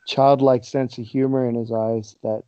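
A man, a guest on the show, telling stories in an animated way and laughing as he goes. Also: mid-range voice, moderate pace, clear, resonant tone, no echo. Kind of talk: casual storytelling. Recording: dull lo-fi sound.

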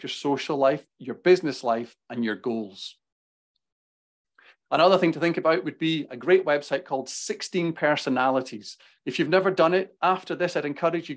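A man with a Glaswegian Scottish accent giving a business talk with slides, speaking quickly and passionately. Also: medium pitch. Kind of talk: presentation with slides.

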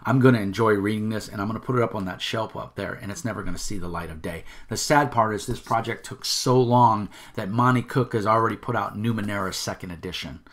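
A man's voice: on the low side, quick pace, hardly any pauses. A middle-aged man hosting his own channel, delivering an angry rant to camera, indignant, stumbling over repeated words and swearing. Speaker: channel host.

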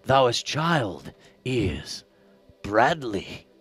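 A man's voice: medium pitch, very animated, extremely slow, a bit bright, slightly rough, no echo, heavily acted. A man playing a pompous otherworldly prophet spirit in an improvised comedy bit, talking in clumsy mock-archaic speech. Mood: prophetic. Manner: mock-archaic grandiose speech, fumbling thee and thou. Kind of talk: improvised comedy role-play on a stream.

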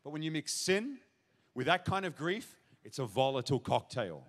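A man's voice: a little high, big pitch swings, moderate pace. A man giving his testimony as a pastor, telling the story vividly to a church crowd. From Australia. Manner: storytelling, acts out shouted child's cries. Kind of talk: testimony sermon. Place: large church auditorium. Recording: long hall reverb.

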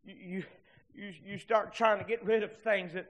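A man preaching a sermon as pastor, swinging between loud fervent bursts and hushed passages. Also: high-pitched, steady tone, normal speed.

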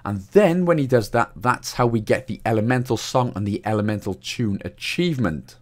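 A man's voice: mid-range voice, lively intonation, normal speed, darkish tone, a little hiss or hum. A man with a Welsh accent giving a casual, jokey game walkthrough, swearing now and then. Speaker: gaming guide host.

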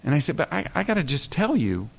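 A middle-aged man giving a lecture, telling stories with lots of stammers and repeated words, and acting out other people's lines in a higher voice. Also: quick pace, creaky. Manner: animated anecdotes, acting out other people's lines with a raised pitch. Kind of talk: storytelling lecture. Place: lecture hall.

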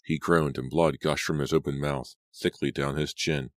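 A man narrating an audiobook in a steady, measured reading style. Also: rumbling low, no room sound, studio quality. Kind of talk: scripted storybook narration.

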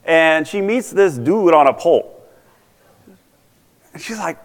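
A man's voice: on the high side, animated, slow pace. A man speaking at a conference, retelling a story in a breezy, slangy way. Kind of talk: playful storytelling. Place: large conference hall. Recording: reverberant conference hall.

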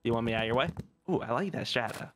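A man's voice: medium pitch, rapid-fire, a bit bright, slight background noise. A man playing a co-op game with a friend, chatting casually and laughing often. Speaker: co-op gaming partner. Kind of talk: casual gameplay chat.

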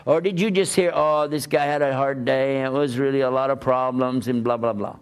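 A man giving a religious talk to an audience, lively and questioning, often acting out the voices of the people he quotes. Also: medium pitch, a little fast, clear, resonant tone. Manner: animated, plays out quoted voices and asks rhetorical questions. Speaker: Islamic preacher.

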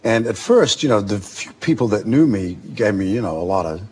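An Australian actor in his forties, a talk-show guest telling lively anecdotes and acting out other people's voices. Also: fairly low pitch, a little fast, a little hiss or hum. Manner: animated storyteller, acts out other voices. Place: television studio.

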